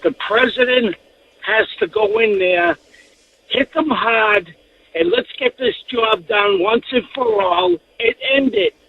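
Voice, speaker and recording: A man's voice: very high-pitched, lively intonation, slow, gravelly, slightly rough. A man calling in to a radio show, arguing heatedly and insistently and repeating his points. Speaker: caller. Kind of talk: call-in radio. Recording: phone line.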